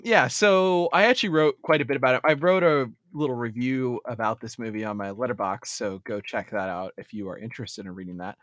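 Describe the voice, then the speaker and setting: A man's voice: mid-range voice, no echo. Male co-host, casual movie-talk delivery, easygoing and wry, dry room. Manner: laid-back, joking, trails off with fillers. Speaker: podcast co-host. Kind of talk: casual movie review chat.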